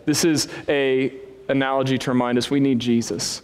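A man preaching as a pastor, telling a self-deprecating story with big swings in pitch. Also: fairly even intonation, normal speed. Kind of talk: sermon. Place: church hall with a congregation. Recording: long reverb of a church hall.

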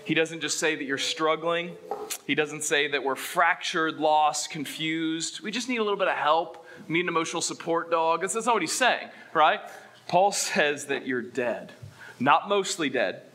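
Man, pastor, sermon, bright forceful tone, slightly high voice, animated, questions the congregation. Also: moderate pace. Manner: animated, asks the room questions, swings from loud to hushed.

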